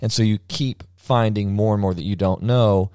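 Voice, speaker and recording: A man's voice: on the low side, steady tone, normal speed, mellow, smooth, dry recording, studio quality. A man hosting a casual podcast chat, rambling with many restarts and frequent laughter. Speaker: podcast host.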